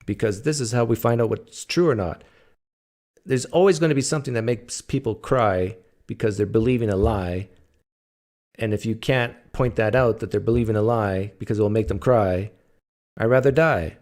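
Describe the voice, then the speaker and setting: Man, from Canada, low voice, livestream host, casual chat, joking storyteller. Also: normal speed, a little mellow.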